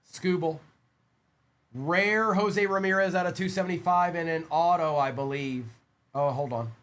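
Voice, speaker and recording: Hosting a live-stream card break, a chatty, upbeat man greets his viewers in a voice pitched slightly high. He rips packs and rattles off player names one after another in quick succession.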